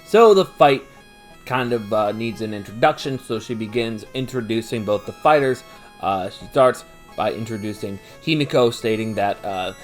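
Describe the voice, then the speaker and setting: A man hosting a podcast, recapping an anime episode in a loose, chatty way, with lots of "uh" fillers, laughs and the odd swear word, and getting animated when he gives his opinions. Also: lowish voice.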